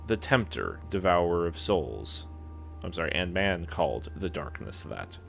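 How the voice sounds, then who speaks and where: A young man hosts a video game let's play, with a fairly low voice. He chats casually and with self-deprecating humour, and reads in-game text aloud. Faint game music plays underneath. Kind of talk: casual gameplay commentary and reading aloud.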